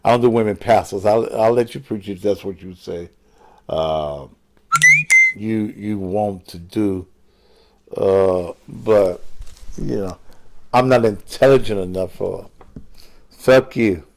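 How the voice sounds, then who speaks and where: A man's voice: lowish voice, takes it slowly, pauses often, a little mellow. An older man hosting an online show, cursing and taunting commenters in a combative rant. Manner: crude, combative, cursing, mocking. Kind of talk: profane live-stream rant.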